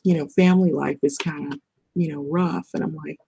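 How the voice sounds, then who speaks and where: A woman's voice: sits low, steady tone, a little fast, creaky, dark tone, a little hiss or hum. A middle-aged woman talking bluntly and rambling in a casual vlog monologue, swearing and laughing often. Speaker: vlogger.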